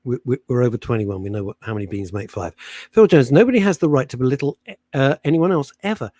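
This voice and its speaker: A man's voice: mid-range voice, dark tone. A middle-aged man co-hosting a radio show, bantering and mocking his partner in a jokey way. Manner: teasing, jokey, quick to mock his co-host. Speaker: radio co-host. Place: home setup with a loud industrial fan behind him.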